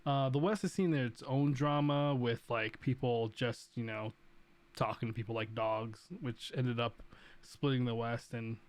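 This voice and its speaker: A man's voice: mid-range voice, fairly even intonation, unhurried. A man hosting a casual gaming chat, talking at length with lots of fillers. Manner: rambling, many fillers. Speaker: podcast host.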